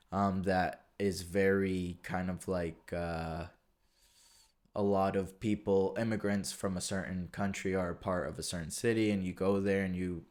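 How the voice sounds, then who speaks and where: A man from the USA hosting a solo podcast, talking casually and thoughtfully, often restarting his sentences. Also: low-pitched. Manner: reflective, rambling with frequent restarts. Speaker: podcast host. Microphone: podcast mic.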